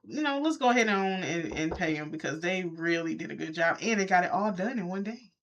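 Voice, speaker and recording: A woman, casually telling her viewers a story from her own life, talking straight to them and jumping up in pitch when she quotes people. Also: fairly quick, lo-fi sound. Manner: animated, talks straight to viewers, jumps high when quoting. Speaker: vlogger.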